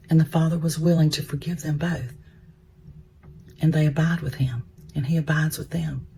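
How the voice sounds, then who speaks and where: Brief: mellow, gravelly male storyteller, chatty devotional retelling. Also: on the high side, flat delivery, moderate pace, long pauses, slight background noise. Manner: conversational, repeats words, drops into hushed whispers. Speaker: Christian storyteller.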